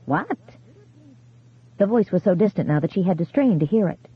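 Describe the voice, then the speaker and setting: An audiobook narrator reading a horror novel in a measured, storytelling manner. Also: medium pitch, animated, slightly rough. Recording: tinny phone-like sound.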